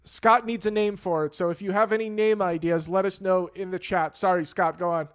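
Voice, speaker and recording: A man co-hosts a casual live stream, reading out viewer comments and steering the chat. His voice is high for a man and smooth, with a clean, resonant tone. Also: fairly even intonation, fairly quick. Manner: reads comments aloud, prompts the other speaker.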